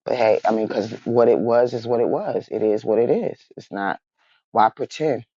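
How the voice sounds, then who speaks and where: Speaking at a normal speed in a dark, slightly rough bass voice, a woman recaps a reality show in a chatty, casual way. Laughter keeps interrupting her sentences, and she calls her audience "y'all." The lo-fi recording sounds dull and dry, without echo.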